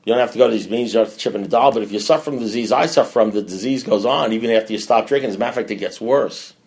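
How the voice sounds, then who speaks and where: Blunt, profane middle-aged man speaking. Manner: blunt and profane, swings between loud bursts and low mutters. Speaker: recovery meeting speaker. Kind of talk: candid talk to a recovery group.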